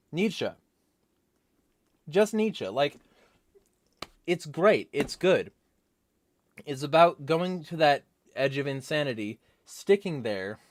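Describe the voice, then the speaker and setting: A man's voice: medium pitch, no echo. Young guy rambling thru his stream chat, wry, dry close sound. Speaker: livestream host reading chat. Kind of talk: casual livestream chat.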